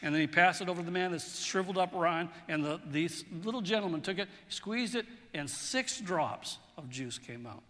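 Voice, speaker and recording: Guy preaching in a big church hall, chatty storyteller, kinda high bright voice, long echo. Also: expressive, moderate pace, few pauses. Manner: conversational, storytelling, repeats words. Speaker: pastor. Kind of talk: sermon.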